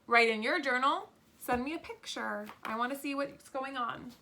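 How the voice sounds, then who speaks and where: A woman teaching a video lesson to young children as a pre-k teacher, sounding out words letter by letter in a playful, expressive way. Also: high-pitched, moderate pace, vocal fry.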